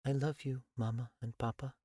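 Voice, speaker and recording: A man voicing a weak, gentle dying girl of about eight in an audiobook, soft and faint. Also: medium pitch, a little fast, breathy edge, no echo, clean studio sound, pitched above the performer's own voice, natural voice. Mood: weak, tender. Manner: quiet, fragile, tender. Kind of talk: audiobook character voice.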